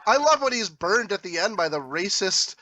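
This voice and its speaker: A man co-hosting a podcast, gleefully retelling scenes in an animated way. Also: high-pitched, normal speed, heavy background noise. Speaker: podcast co-host. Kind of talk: casual podcast chat.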